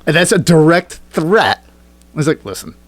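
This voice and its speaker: A man's voice: a little high, sing-song, moderate pace, dry recording. A man co-hosting a casual satirical podcast, swearing freely and reading tweets aloud with jokey asides. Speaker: podcast co-host.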